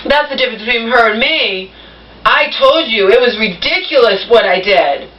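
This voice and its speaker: A woman's voice: a little high, lively intonation, normal speed, fairly bright tone. A woman venting to the camera in an agitated, profane rant. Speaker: vlogger. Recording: echoey room, distant dull mic.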